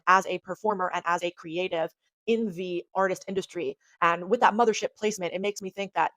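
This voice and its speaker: A woman astrologer giving a rambling, excitable chart reading in a casual monologue, swearing freely. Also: medium pitch, no echo.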